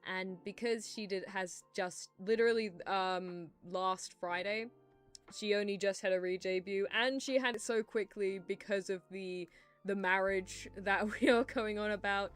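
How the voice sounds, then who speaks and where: A woman's voice: medium pitch, steady tone, measured pace, smooth. Young female streamer, rambling and giggly, casual swearing, faint music underneath. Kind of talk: casual livestream chat while drawing.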